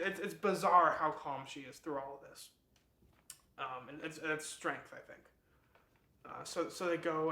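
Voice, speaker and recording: Guy summing up a book, chatty and rambly, bright voice, echoey room. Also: fairly high pitch. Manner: chatty, rambling, laughs at the plot. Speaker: book club video host. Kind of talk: casual book summary.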